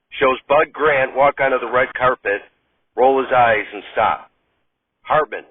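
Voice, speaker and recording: A man narrating comedy scene directions in a flat, matter-of-fact, deadpan way. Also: mid-range voice, unhurried, slight background noise. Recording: tinny distant phone-like sound.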